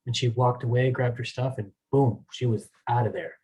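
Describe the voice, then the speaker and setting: A man hosting a meetup, telling a story in a casual, halting way over a video call, with many restarts and fillers. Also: medium pitch, steady tone, darkish tone, rough recording. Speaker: meetup host.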